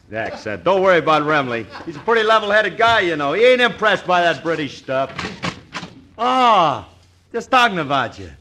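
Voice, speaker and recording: Brash wisecracking bandleader, old radio. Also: male voice, on the high side, big pitch swings, moderate pace, bright, forceful tone. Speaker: bandleader and comedy host. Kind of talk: 1940s radio comedy acting. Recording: scratchy old radio broadcast with hiss.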